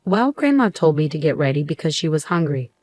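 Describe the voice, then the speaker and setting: A timid six-year-old girl, voiced by a woman, explaining herself with hesitant uncertainty. The voice stays lowish. It is recorded close and dry. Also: big pitch swings, fairly quick, a little mellow, no room sound.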